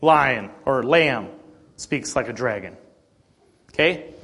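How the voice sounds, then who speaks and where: A man teaching a morning Bible class in a conversational way, often clearing his throat and checking in with "okay?" and slowing to stress key words when he reads scripture. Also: mid-range voice, lively intonation, fairly bright tone.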